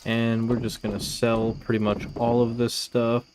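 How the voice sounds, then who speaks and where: A man's voice: medium pitch, flat delivery, measured pace, a little mellow, a little hiss or hum. A man giving laid-back, chatty commentary while playing a video game, talking to himself as he goes. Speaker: gaming video creator. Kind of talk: casual gameplay commentary. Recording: game music playing behind.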